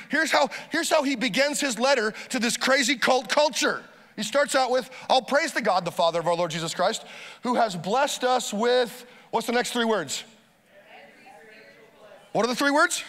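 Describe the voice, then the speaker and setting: A pastor delivering a lively sermon, urging the congregation to repeat phrases after him. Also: male voice, extremely high pitch, big-room sound.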